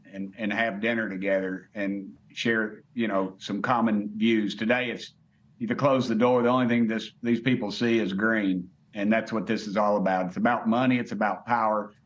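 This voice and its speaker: A blunt, folksy man with a Southern US drawl talks from a remote link. His voice sits on the low side and comes through a dull, lo-fi feed. He often stumbles and restarts mid-sentence. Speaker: congressman guest. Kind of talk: remote TV interview.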